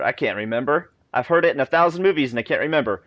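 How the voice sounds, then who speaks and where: A man's voice: mid-range voice, expressive, fast talker, a bit bright, dry recording, poor audio. A young man chatting casually while playing a video game, reading the game text aloud and laughing at himself. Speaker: let's play host. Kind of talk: casual gameplay commentary.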